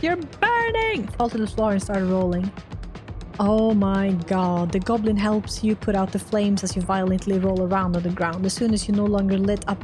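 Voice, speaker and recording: A woman streamer reading a role-playing game's text aloud and reacting to it, swearing and laughing when things go wrong. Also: medium pitch. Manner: animated, swears and laughs at failures. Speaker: gaming streamer.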